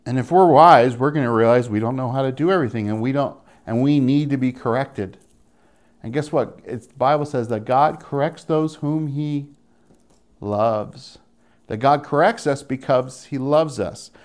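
A young man preaching a sermon in an animated way, acting out the voices of the people he quotes. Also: mid-range voice, normal speed.

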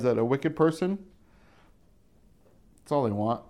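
A man's voice: a little high, lively intonation, a little slow, long pauses, mellow. Chatty man teaching scripture verse by verse. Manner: conversational, chuckles often, acts out quoted voices. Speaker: pastor teaching a Bible study. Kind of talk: casual verse-by-verse Bible teaching.

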